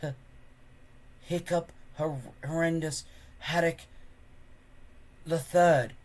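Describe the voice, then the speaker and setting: A frightened young boy who trips over his words, pitched well above an adult's speaking voice and pushed loud with alarm, as a man puts him on while reading a storybook. Each word comes out broken and hesitant. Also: fairly even intonation, slow. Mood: nervous. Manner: stuttering, high and loud. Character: panicky stammering young boy.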